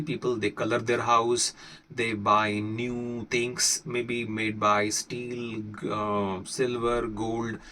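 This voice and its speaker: A man from India with an Indian accent, an English teacher explaining casually, pausing often with fillers. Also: medium pitch, a bit bright, slight background noise. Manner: explains with many pauses and fillers. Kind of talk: casual spoken lesson. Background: faint fireworks.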